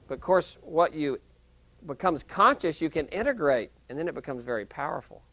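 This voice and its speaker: A man lecturing a university class in a conversational, animated way, acting out quoted reactions. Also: fairly high pitch, a little fast, no room sound. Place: lecture hall, televised class.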